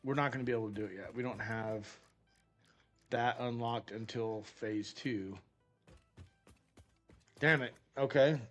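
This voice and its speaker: A gaming streamer with a mid-range voice rambles through casual gameplay commentary, a little slowly and with long pauses, swearing freely as he talks himself through what to build next. Soft music plays underneath.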